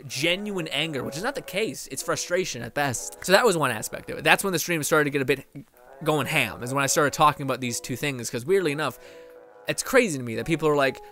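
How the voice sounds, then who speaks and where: A man's voice: fairly high pitch, animated, fast, sharp tone. Rambling, heated man ranting casually. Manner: rambling, profane, heated, mimics others in quoted voices. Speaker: streamer talking to viewers. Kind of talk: casual monologue rant. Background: faint background music.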